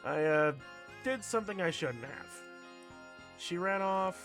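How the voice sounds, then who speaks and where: A male streamer reads a visual novel aloud, his voice slightly high and very animated. He mixes narration with sardonic commentary. Faint music plays in the background. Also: a little slow.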